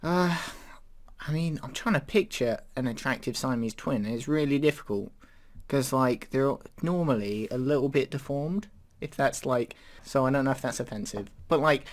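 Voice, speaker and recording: Male podcast host, mid-pitch, rambling and hesitant, casual chat. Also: moderate pace. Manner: rambling and hesitant, many fillers.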